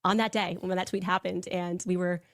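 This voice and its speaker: A woman telling personal stories in a fast, animated way, acting out the quotes. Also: lowish voice, no echo, studio quality. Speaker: political commentator. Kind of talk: personal storytelling on a show.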